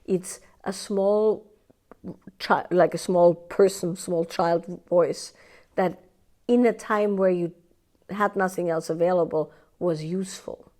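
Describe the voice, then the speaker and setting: A woman teaching a live workshop in a somewhat low voice. She talks in a loose, conversational way, tagging her points with "right?" and "yeah." Now and then she slips into quoted inner voices to show what she means. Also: steady tone, takes it slowly, dark tone.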